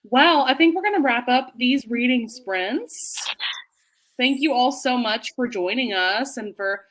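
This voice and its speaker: A woman's voice: a little high, measured pace, a bit bright. A woman hosting a casual livestream, chatting and backing her guest with short agreements. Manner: supportive, many short agreements. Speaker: livestream host.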